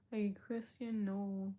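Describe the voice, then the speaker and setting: A woman's voice: mid-range voice, warm tone. A young woman, chatting casually with her livestream chat, reading out and answering comments and laughing often. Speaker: livestream host.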